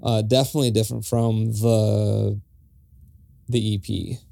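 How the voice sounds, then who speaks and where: A man's voice: lowish voice, creaky. A man co-hosting a podcast, talking loosely and laughing easily about songs. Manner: relaxed, quick to laugh, loose phrasing. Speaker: podcast co-host. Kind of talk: casual music review chat.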